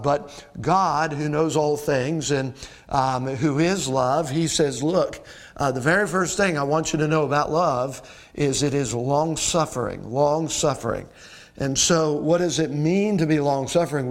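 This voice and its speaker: A middle-aged man preaching a sermon as pastor, talking straight to his congregation in a folksy way with rhetorical questions. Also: fairly high pitch.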